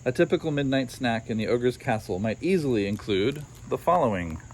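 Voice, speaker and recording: A man's voice: medium pitch, expressive, a little fast, a little hiss or hum. A man reads a children's storybook aloud outdoors, breaking in now and then with dry, wry asides. Faint crickets and insects chirp behind him.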